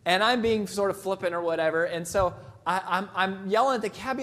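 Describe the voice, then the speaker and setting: A man's voice: high voice, a little fast, fairly bright tone. A man giving a motivational keynote talk in a conversational, self-deprecating way, telling personal stories. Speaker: motivational speaker.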